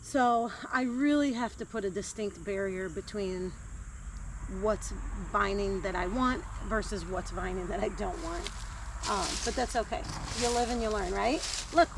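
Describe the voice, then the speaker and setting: A woman vlogging casually while digging in her garden outdoors, chatty and quick to laugh. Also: medium pitch. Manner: chatty and easily delighted, laughs often. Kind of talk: casual chat while working. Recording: outdoor recording with clear background noise.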